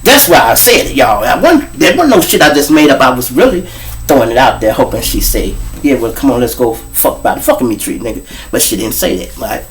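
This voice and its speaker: A man's voice: mid-range voice, brisk. A middle-aged man with a Chicago accent, hosting his own show with a profane, casual storytelling monologue aimed straight at his listeners. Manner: profane, animated, talks straight to the audience. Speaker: show host.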